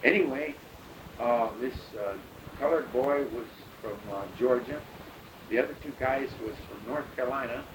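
Older man telling a halting story. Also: mid-range voice. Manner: rambling, halting with many fillers. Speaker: bush pilot telling his story. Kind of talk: oral history storytelling. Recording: noisy recording.

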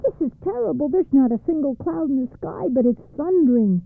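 A storyteller voicing frightened robbers in a folktale, crying out in alarm in a raised, higher voice. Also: expressive, brisk, vocal fry. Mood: panicked. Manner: panicky, alarmed. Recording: dry, phone-like narrow band.

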